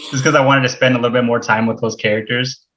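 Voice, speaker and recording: A man's voice: mid-range voice, fairly even intonation, quick pace, fairly bright tone. A man hosting an interview, asking questions with hesitant ums and restarts. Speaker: podcast host. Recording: dull lo-fi mic sound.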